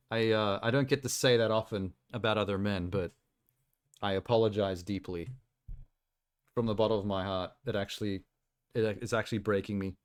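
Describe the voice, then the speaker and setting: Low-voiced man chatting on a live stream. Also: fairly even intonation, normal speed, pauses often, clear, resonant tone. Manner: chatty, rambling reactions with frequent laughter. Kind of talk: casual live-stream chat. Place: home streaming setup.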